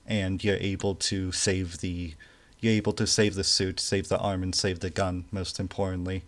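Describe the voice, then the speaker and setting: A man narrating a tabletop game as game master, speaking slowly and hesitantly with many fillers. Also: lowish voice.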